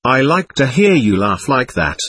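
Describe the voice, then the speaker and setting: A man's voice: medium pitch, big pitch swings, moderate pace, a bit bright, husky. A man reading the lines of a cheery male spirit.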